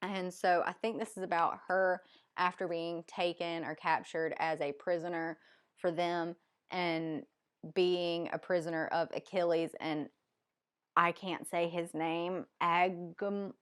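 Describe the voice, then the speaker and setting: A woman's voice: fairly low pitch, little pitch movement, measured pace, smooth. A woman with a Southern US accent chatting casually as a book vlogger, rambling and hesitant with many ums. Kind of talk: casual chat.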